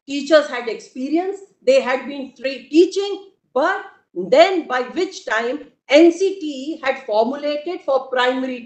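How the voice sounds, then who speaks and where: A woman, arguing formally before a court in a measured, emphatic way. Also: high voice, darkish tone. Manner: measured, emphatic, addresses the bench repeatedly. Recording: echoey courtroom audio.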